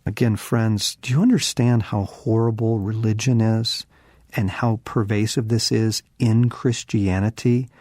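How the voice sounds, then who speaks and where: A middle-aged man giving an earnest, reflective devotional teaching, slowing and softening on key phrases. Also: fairly low pitch, dry recording, clean studio sound. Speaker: Christian author and teacher.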